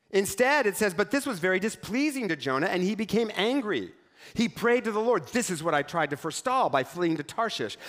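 This sermon comes from a man with a high, slightly bright voice who tells stories with dry humor in a conversational way. Along the way, he slips in brief asides where he acts things out.

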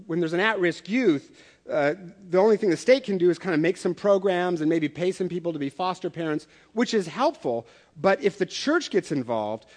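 High-voiced pastor preaching conversationally. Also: male voice. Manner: conversational storytelling with humor. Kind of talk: sermon.

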